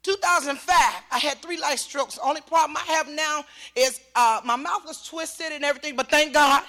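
An older woman gives personal testimony with a high, piercing voice. She speaks emphatically and circles back over the same words. Her voice often climbs into shouting. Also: moderate pace. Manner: emphatic, repetitive, voice rising to shouts. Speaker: mother giving testimony.

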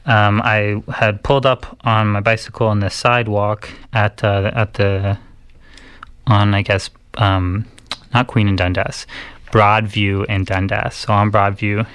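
A man talks on community radio, recounting something that happened to him. His voice sits low and smooth, and the sound is close and dry. He speaks haltingly, with many ums and restarts. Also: fairly bright tone, no room sound. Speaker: radio host. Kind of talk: casual radio talk, personal story.

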